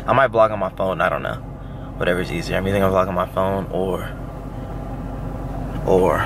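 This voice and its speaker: A man's voice: sits low, vocal fry. A young man talks casually to his vlog camera, using lots of slang like y'all and finna. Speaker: vlogger. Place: in a car and outdoors. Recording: distant camera mic with street noise.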